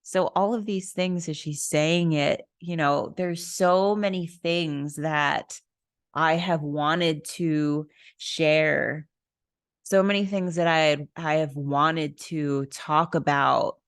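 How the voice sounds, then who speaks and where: A woman with a low voice tells a personal story in a slow, unhurried way. She is candid and casual, speaking frankly as a podcast host. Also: fairly even intonation, clean tone, no echo, studio quality. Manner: candid, casual, swears and laughs.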